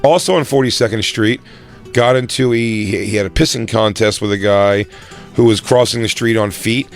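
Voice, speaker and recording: A man co-hosting a podcast, telling a story in animated, profane casual chat. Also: on the low side, moderate pace, soft background music. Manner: animated storyteller, swearing and laughing. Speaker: podcast co-host.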